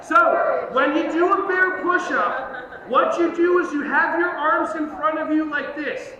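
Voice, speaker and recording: A man leading a live fitness workshop for teachers, energetic and joking as he coaches the group through movements. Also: extremely high pitch, a little slow, crowd noise. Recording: echoey hall, distant lo-fi mic, noisy.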